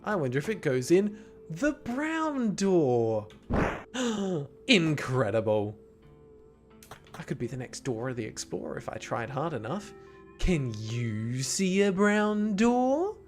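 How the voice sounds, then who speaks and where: A man's voice: fairly high pitch, big pitch swings, a little slow, soft background music. A man casually commenting on a horror game he is streaming, playful and chatty with his viewers. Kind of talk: gaming livestream commentary.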